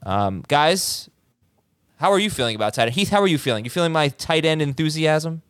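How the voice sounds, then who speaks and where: An upbeat man hosts a casual sports podcast. His voice sits fairly high, smooth and clear. The sound is dry and close. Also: expressive, no room sound. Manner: upbeat, talkative, fast asides. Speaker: podcast host.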